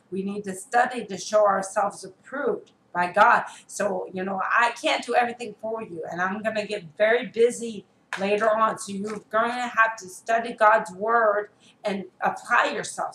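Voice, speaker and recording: A woman's voice: medium pitch, sharp tone. A woman preacher giving an earnest online video sermon, exhorting her listeners and often checking in with "okay?". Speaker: prophetess preacher. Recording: echoey room with faint background noise.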